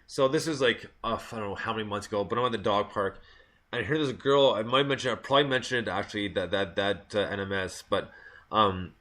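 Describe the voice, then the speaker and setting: A man's voice: lowish voice, steady tone, quick pace, a bit bright. A man hosting a music radio show, telling rambling stories with many restarts and laughs. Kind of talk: casual chat.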